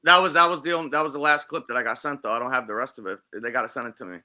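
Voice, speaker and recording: A man's voice: medium pitch, very fast, sharp tone. A man giving crude, mocking commentary, swearing often and sounding openly incredulous.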